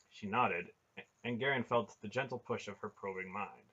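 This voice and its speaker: A man reads a fantasy novel aloud in a steady, even manner. His voice is low, forceful and husky. The recording sounds dull and lo-fi. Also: moderate pace. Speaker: audiobook reader. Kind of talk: storybook narration.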